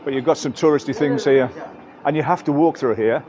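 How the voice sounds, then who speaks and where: A man's voice: mid-range voice, brisk, highs cut off, a crowd in the background. An English man giving a chatty, rambling walking-tour commentary outdoors in busy market streets, correcting himself as he goes. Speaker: travel vlogger.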